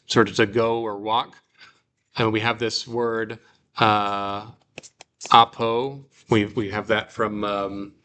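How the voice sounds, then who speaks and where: A man teaching a relaxed Bible Greek class, reading example sentences aloud and explaining them slowly with casual fillers. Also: fairly low pitch.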